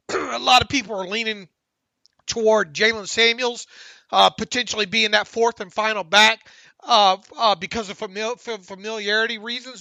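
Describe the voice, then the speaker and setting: A man hosting a sports podcast, his voice pitched high with a crackly, gravelly texture. He sounds bright and sharp, recorded close and dry with no room sound. He chats casually and opinionatedly, restarting his sentences often. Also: steady tone, dry recording. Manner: halting, opinionated, self-deprecating. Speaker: podcast host.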